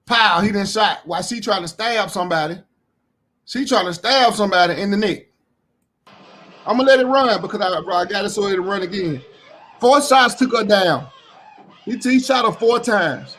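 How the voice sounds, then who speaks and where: A man giving casual reaction commentary, blunt and heated, repeating himself, swearing freely and rising to shouts when indignant. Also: high-pitched, animated, moderate pace.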